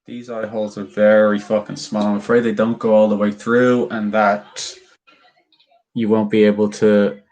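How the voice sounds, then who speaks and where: A man's voice: lowish voice, little pitch movement, normal speed, darkish tone. A young man casually chatting with his viewers on a livestream, swearing freely and musing aloud while he carves.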